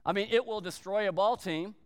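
Man, pastor, sermon, high voice, clear and smooth, emphatic preaching. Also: long reverb tail. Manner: emphatic preaching, slowing down for weight, brief acted quotes.

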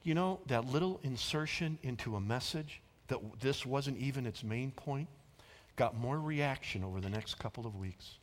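A man preaching a sermon as pastor, with dramatic pauses and dropping to a hushed whisper for emotional quotes. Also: mid-range voice, expressive. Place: church auditorium. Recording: long reverb of a large auditorium.

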